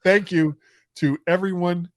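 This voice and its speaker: A man's voice: high voice, steady tone, unhurried, no room sound. Podcast host, middle-aged man, jokey and giggly, trips over words, dry booth sound. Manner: joking, laughs often, stumbling restarts. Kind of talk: casual chat.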